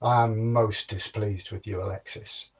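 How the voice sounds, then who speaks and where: A man playing a stern old king scolding his son, speaking slowly and gravely in a storytelling performance. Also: lowish voice, level tone, voice pushed down, heavily acted. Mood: displeased.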